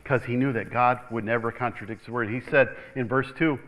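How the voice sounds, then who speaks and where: A male pastor, medium-pitched and speaking a little fast, is heard in a rough recording preaching in a church. He grows animated as he builds, repeating words, chuckling, and repeatedly calling "Amen?" to the room.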